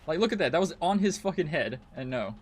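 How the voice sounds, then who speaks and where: A man's voice: on the high side, lively intonation, fast, soft background music. Foul-mouthed ranting man streamer. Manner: ranting, frustrated, heavy swearing. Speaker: game streamer. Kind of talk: live gameplay commentary.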